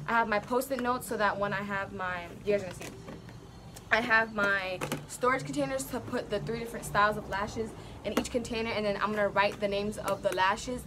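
Woman vlogger, chatty and excitable, mid-range voice, filmed on a phone outside with clear background noise. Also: medium pitch. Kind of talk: casual vlog chat. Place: outdoors at home. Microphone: phone camera. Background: neighbors' music, outdoor ambience.

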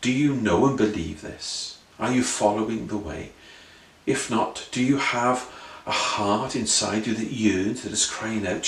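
A man with a lowish voice preaches an earnest sermon at an unhurried pace, filling it with rhetorical questions and repeated phrases. The sound is roomy, and his voice comes from a distance.

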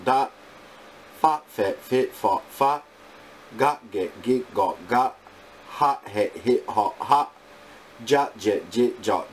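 A male English teacher reciting phonics sounds and words one at a time in a deliberate, clipped drill. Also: medium pitch, a little hiss or hum.

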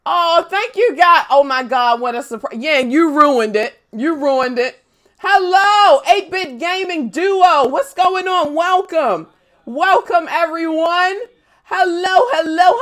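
Excitable, bubbly woman gaming streamer. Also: high-pitched. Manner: excitable, swings to loud squeals when greeting chat; profane and playful. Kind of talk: casual live-stream chat.

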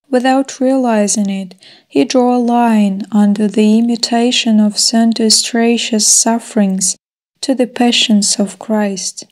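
A woman reading an English voice-over of a sermon in a measured, even way. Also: a little high. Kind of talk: slow read translation of a sermon.

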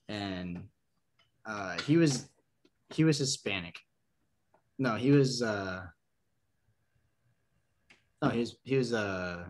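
A young man from Nebraska, a podcast guest telling a long story, full of "like" and "um", acting out the people in it. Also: fairly low pitch. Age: young adult. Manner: rambling, full of "like" and "um"; acts out the people in his story with lively quotes. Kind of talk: casual storytelling.

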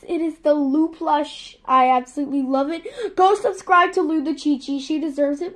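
A young woman filming a casual unboxing vlog, gushing and excitable, piling up "literally" and "so excited". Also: high-pitched, normal speed, hardly any pauses. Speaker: vlogger.

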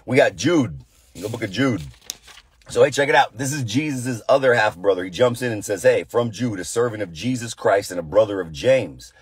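Deep, husky-voiced man praying. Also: expressive, normal speed. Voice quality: deep, tired voice. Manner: earnest, conversational, with frequent fillers and restarts. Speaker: pastor. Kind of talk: prayer and casual devotional talk.

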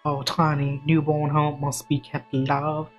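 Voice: medium pitch, completely flat delivery, unhurried, soft background music, natural voice. A game streamer voicing a dying Southern belle rebel leader in a put-on Southern drawl, reading her lines earnestly. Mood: solemn. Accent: put-on American Southern.

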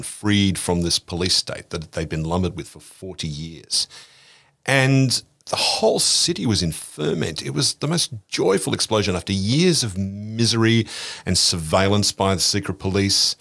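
An older man with an Australian accent, a podcast guest recounting travel stories in an animated way, acting out other people's voices. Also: fairly low pitch, normal speed, creaky. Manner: animated, acts out voices in anecdotes, frequent restarts. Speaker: interview guest. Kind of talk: storytelling interview.

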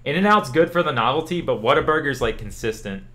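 This streamer from Louisiana is a young man with a medium-pitched voice who talks briskly. Chatting loosely with viewers, he fields their questions in a relaxed, chatty manner and leans heavily on "like."

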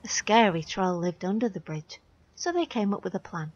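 A woman painter talks cheerfully while she works outdoors by a canal. Her delivery is relaxed and chatty. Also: medium pitch, normal speed, no room sound, highs cut off. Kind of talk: casual chat and storytelling.

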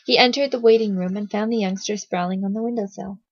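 A woman reading a children's novel aloud, in a steady storytelling manner with small slips. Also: medium pitch, quick pace, husky, no echo. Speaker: reader, narrator. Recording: dull lo-fi recording.

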